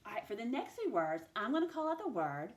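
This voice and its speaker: A woman teacher giving a recorded spelling dictation lesson, slowly sounding out each letter and sound. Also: fairly high pitch, sing-song. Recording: echoey room.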